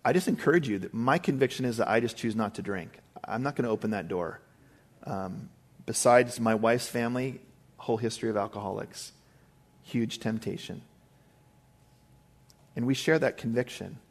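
A man's voice: mid-range voice, moderate pace, pauses often. A male pastor giving a conversational sermon, emphatic with frequent asides to the congregation.

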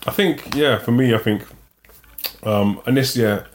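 A man from England chatting casually about a TV show, rambling and restarting his sentences, quick to joke. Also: mid-range voice, a little hiss or hum. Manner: rambling, restarts often, jokey. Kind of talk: casual chat reviewing a TV show.

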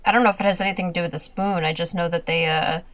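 A woman co-hosting a casual chat about a TV show, hedging her points with fillers and soft laughs. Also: lowish voice, steady tone, very fast. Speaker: podcast co-host.

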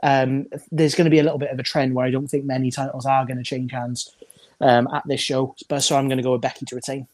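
A man's voice: medium pitch, little pitch movement, fast, a little mellow, no room sound. British male co-host, chatty wrestling pundit, dry close mic. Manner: chatty, acts out wrestlers' lines. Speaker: podcast co-host. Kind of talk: casual wrestling chat.

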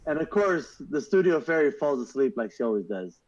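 A man's voice: medium pitch, big pitch swings, fairly quick, darkish tone, dull audio. A man co-hosting a podcast, calling in over voice chat, telling loose stories and swearing a lot. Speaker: podcast co-host. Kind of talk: casual chat.

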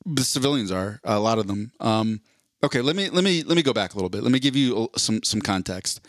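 A man's voice: lowish voice, lively intonation, fast talker, no room sound, clean studio sound. Rambling man explaining in a casual podcast. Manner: rambling, restarts often, explains at length. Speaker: podcast co-host. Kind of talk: casual chat.

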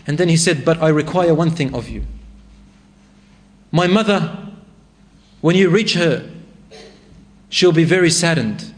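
A man's voice: on the high side, animated, unhurried, long pauses. A man preaching a sermon, reciting Arabic verses and retelling a story with rising emotion.

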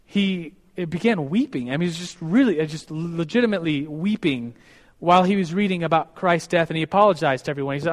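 A man's voice: on the high side, quick pace, big-room sound. A man telling a story to a class and leading a prayer, earnest, with many restarts.

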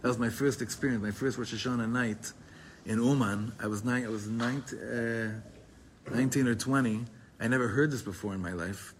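A man's voice: medium pitch, normal speed, slight background noise. A man teaching a Torah class, reading Hebrew passages aloud and explaining them in casual, digressive English. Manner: digressive, talkative, with frequent restarts.

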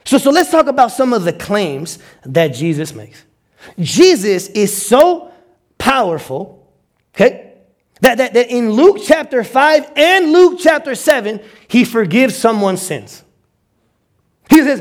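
A male pastor preaching with a notably high voice. He swings into quoted voices and repeats words as he pushes his points along. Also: a little slow. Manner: animated, acts out quotes with stammered repeats. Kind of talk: sermon.

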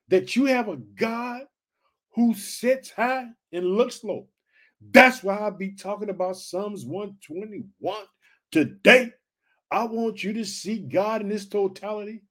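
A man with a high voice preaches an excited motivational sermon on his podcast. He keeps calling out to his listeners and repeats his rallying lines. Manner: excited, repetitive call-outs to listeners.

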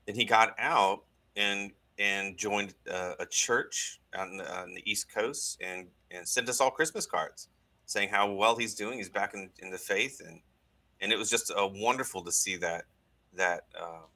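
A man, a guest on a talk show, telling a personal story in an earnest, halting way with many restarts. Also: lowish voice, bright, forceful tone, poor audio.

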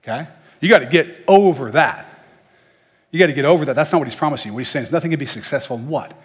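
A man's voice: on the high side, quick pace, slightly rough, in a large hall. A man teaching through Bible verses in a casual, conversational way, with joking asides.

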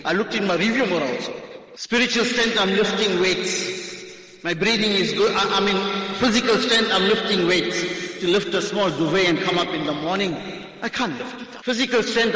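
A man preaching a sermon, telling stories with fervor and rising to loud cries. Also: high-pitched. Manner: impassioned storytelling, rising to cries. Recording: echoey hall, strong reverb.

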